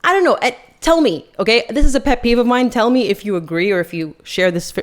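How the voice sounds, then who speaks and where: A woman's voice: fairly high pitch, expressive, quick pace. A woman hosting a podcast, giving chatty, sarcastic and critical commentary. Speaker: podcast host. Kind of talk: casual opinion commentary.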